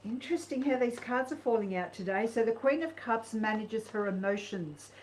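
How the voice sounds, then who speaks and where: A woman gives tarot readings on a live stream, earnest and encouraging. She builds up her points with animated emphasis, and a faint noise sits under her voice. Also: fairly high pitch, normal speed, rough recording.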